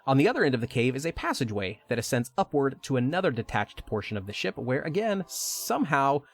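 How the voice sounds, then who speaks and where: A man's voice: medium pitch, big pitch swings, fast. A man hosting a podcast, reading a retelling of a video game story and breaking in with joking asides. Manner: reads narration with joking asides. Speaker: podcast host.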